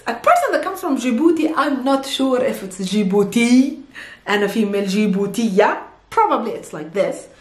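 A woman's voice: on the high side, animated, normal speed. A woman teaching Arabic in a casual, playful lesson, asking herself questions and answering them; Arabic is her first language. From Holy Land. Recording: roomy echo.

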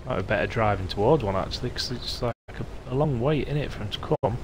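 A man giving chatty, excitable live commentary as he plays a game, talking himself through each step. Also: medium pitch, fast, hardly any pauses. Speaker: streamer. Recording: loud game noise under voice.

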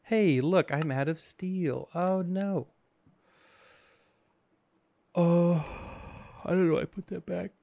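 Man, gaming commentary, goofy and rambling, sleepy, slightly high voice, dry close sound. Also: steady tone, slow, gravelly, pauses often, mellow, no echo. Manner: goofy, rambling, jokes to himself. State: sleepy, yawning. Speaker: gaming channel host. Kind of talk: casual let's-play commentary.

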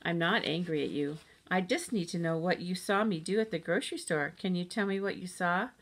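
A woman voicing a kind, soft-spoken schoolteacher who talks in a measured way. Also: lowish voice. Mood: gentle.

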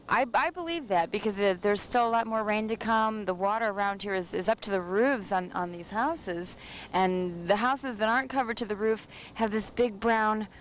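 A woman co-hosting a casual on-location talk show, chatty and wry, with some halting restarts. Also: mid-range voice, slight background noise, poor audio. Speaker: co-host.

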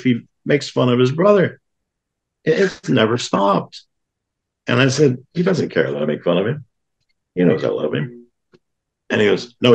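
A man, a guest on an interview podcast, telling a personal story with lively acted-out quotes of other people. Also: sits low, vocal fry. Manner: animated storyteller who acts out quoted voices.

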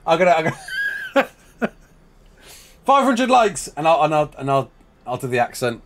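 A man's voice: medium pitch, expressive, measured pace, long pauses. A young man with an English West Midlands accent, chatting casually on a live game stream. He laughs often and answers chat questions.

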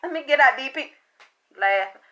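A high-pitched woman gives a loose, chatty tarot reading, swearing freely and laughing as she goes. Her voice is bright and sharp. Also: animated, moderate pace, muffled recording. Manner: chatty, profane, breaks into laughter. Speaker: tarot card reader. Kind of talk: casual spiritual reading monologue.

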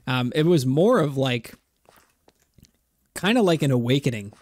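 A man's voice: mid-range voice, expressive, measured pace, no room sound. Candid young man, reflective and rambling. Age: 20s. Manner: reflective and rambling, with fillers and soft laughs. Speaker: content creator. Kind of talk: candid personal vlog talk.

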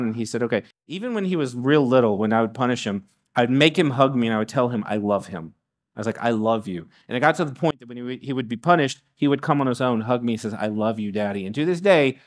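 A middle-aged man giving a sermon as guest preacher, animated, with frequent restarts and acted-out asides. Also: mid-range voice. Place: church sanctuary.

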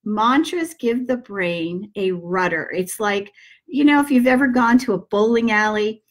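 A middle-aged woman giving a gentle self-help talk, slowly guiding breaths and repeating calming mantras. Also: medium pitch. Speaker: manifesting teacher.

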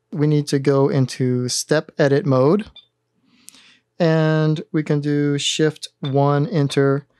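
A man hosts a synthesizer tutorial, calmly explaining each button press as he works through a methodical, step-by-step demonstration. His voice is a little high, and the recording is dry.

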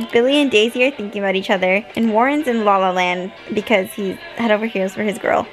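A woman's voice: on the high side, rough recording. A young woman reacting to a TV finale, gasping and gushing over each scene. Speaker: reaction vlogger. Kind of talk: emotional TV reaction commentary.

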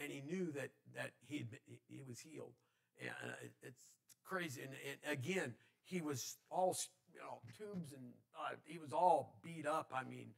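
Gravelly pastor telling a story. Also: male voice, fairly high pitch. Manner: personal, conversational, many restarts. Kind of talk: sermon storytelling. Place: church.

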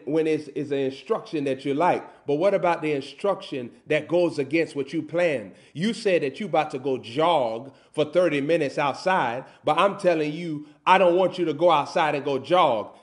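Male preacher, higher voice, swings between shouts and hushed lines. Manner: rising to loud bursts then dropping low, drawn-out emphatic phrases. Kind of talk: sermon.

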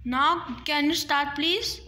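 A woman with doing excitable live game commentary, with dramatic outbursts and sing-song humming. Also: high voice, slow, slight background noise. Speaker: gaming vlogger.

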